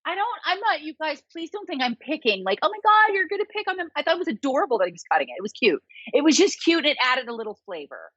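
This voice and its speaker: A woman's voice: high-pitched, very animated, quick pace, hardly any pauses, a bit bright, husky, dry recording, lo-fi sound. A woman co-hosting a casual TV recap, playful and jokey. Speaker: podcast co-host.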